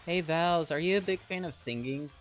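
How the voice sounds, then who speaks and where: A man's voice: fairly high pitch, moderate pace, slight background noise. A man live-streaming a game, chatting casually with viewers in a playful, melodramatic, teasing way. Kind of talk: casual gaming stream chat.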